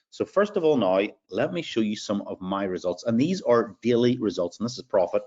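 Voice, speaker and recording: A man's voice: fairly low pitch, animated, fairly quick, few pauses, darkish tone, muffled recording. A man with an Irish accent hosting a live sales webinar, upbeat as he reads out attendees' names. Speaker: webinar host.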